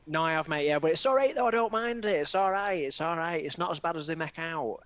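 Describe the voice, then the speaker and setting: Chirpy caller. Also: male voice, a little high, quick pace, fairly bright tone, clean tone, no echo, dull audio. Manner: chirpy, rambling, says mate a lot. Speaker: caller on the line. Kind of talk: improvised comedy radio banter.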